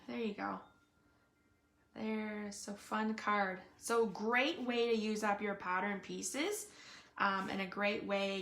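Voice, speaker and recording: A woman's voice: a little high, creaky, a bit bright, slight background noise. A woman giving a casual live card-making demonstration, chatting and thinking aloud with frequent fillers. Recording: echoey room.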